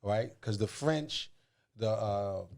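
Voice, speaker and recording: A man, a guest in a casual podcast chat, telling stories in a loose, slangy, animated way. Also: on the low side, slow pace, vocal fry. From the Bronx, New York. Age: 40s.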